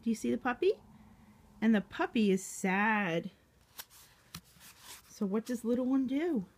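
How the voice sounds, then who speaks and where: A woman reading a picture book aloud to a young child, gently asking the child questions as she goes. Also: fairly high pitch, expressive, measured pace.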